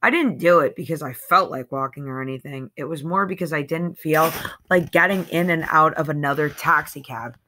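A woman's voice: deep voice, normal speed, bright, forceful tone. A woman reading a novel aloud in a conversational, slangy first-person voice with emphatic swings. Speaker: audiobook reader.

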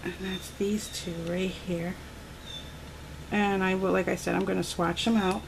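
Gushing woman, gravelly and unhurried. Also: mid-range voice, little pitch movement. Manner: gushing, chatty, thinking aloud. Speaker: beauty vlogger. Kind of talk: casual unboxing chat. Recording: noisy home recording.

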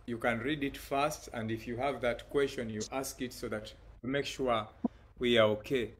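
Man leading a Bible study on a call, hesitant, with fillers and a mid-range pitch. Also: steady tone, moderate pace, background noise.

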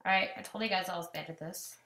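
Woman, casual gameplay commentary, excitable, loud outbursts and mutters, echoey room. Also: on the low side, fast talker. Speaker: gamer commentator.

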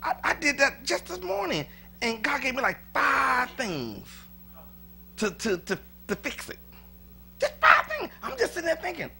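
A man's voice: very high voice, sing-song, normal speed, gravelly, pushed and bright, a little hiss or hum. A male pastor preaching a sermon in a church, talking conversationally, repeating words and chuckling often.

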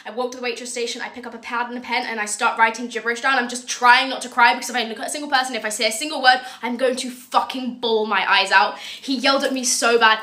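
A young woman races through a casual storytime monologue in a bright, rather high voice. Her delivery is deadpan and sweary, and she keeps checking in with "right?". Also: fast, hardly any pauses. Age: young adult. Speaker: content creator.

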